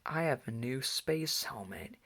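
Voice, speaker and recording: Un hombre leyendo como un osito alegre y entusiasta. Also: male voice, mid-range voice, animated, a little slow, vocal fry, a bit bright, heavily acted. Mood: eager. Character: cheerful little boy bear cub. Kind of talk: reading a children's book aloud.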